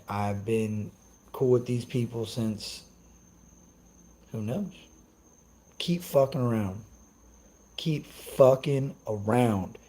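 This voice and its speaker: A man's voice: mid-range voice, dark tone, poor audio. A young man on a casual live stream, ranting brashly and cursing as he answers his chat. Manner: profane, brash, trash-talking.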